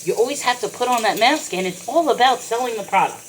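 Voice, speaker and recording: A woman's voice: fairly high pitch, animated, fast talker, a little hiss or hum, poor audio. A woman venting in a personal vlog, holding back tears as she talks about her struggles, recorded in her kitchen while washing dishes. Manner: tearful, fighting back crying. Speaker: vlogger. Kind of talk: emotional personal vlog rant.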